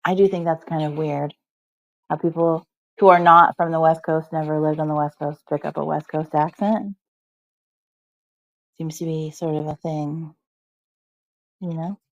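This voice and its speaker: A woman's voice: low-pitched, steady tone, moderate pace, long pauses, dry recording, dull audio. A woman streaming from home, chatting casually with her viewers and answering chat messages in a rambling way full of "like" and "um". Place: at home, snowed in.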